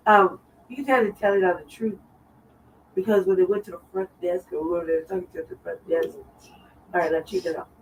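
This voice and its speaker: A woman's voice: lowish voice, fairly even intonation, a little fast, recorded from a distance, slight background noise, poor audio. A woman with a Southern accent, chatting rambling and repetitive on a livestream. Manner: rambling, repeats herself. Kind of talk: casual livestream chat. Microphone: far from the mic.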